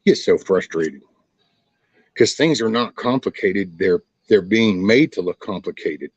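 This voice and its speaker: Low-voiced man ranting on a livestream. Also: lively intonation, unhurried, slightly rough, no room sound, dull audio. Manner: folksy, profane, ranting. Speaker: livestream host. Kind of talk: casual rambling livestream chat.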